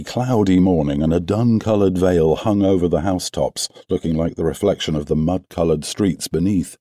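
A man narrating an audiobook in a measured, storytelling way, close to a studio microphone. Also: sits low, warm tone, no room sound.

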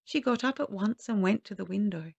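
A woman telling a children's story aloud in a gentle, lilting, expressive way. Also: medium pitch, brisk, vocal fry, slightly rough, dry recording, highs cut off.

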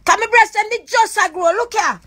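A woman's voice: extremely high pitch, a little fast, pushed and bright. A woman with a Jamaican accent, ranting on a live stream in a raw, accusing, repetitive way. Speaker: livestreamer. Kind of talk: emotional live-stream rant.

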